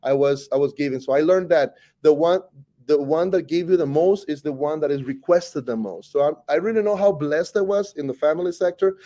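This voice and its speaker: A man from Costa Rica with a Costa Rican Spanish accent, a teacher telling his life story in an animated, rambling way full of self-corrections. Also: on the high side. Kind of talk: personal storytelling interview.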